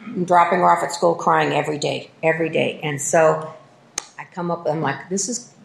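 A middle-aged woman telling her recovery story at a meeting, self-mocking and lively, full of fillers and restarts. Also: low voice, normal speed, gravelly, roomy sound. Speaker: speaker sharing at a recovery meeting. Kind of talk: personal recovery testimony.

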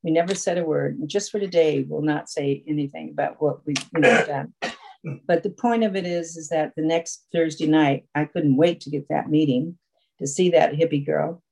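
A woman's voice: deep voice, moderate pace, creaky, darkish tone, husky, rough recording. A woman telling a long personal story at a support group meeting over a video call, rambling and full of fillers. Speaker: recovery meeting speaker.

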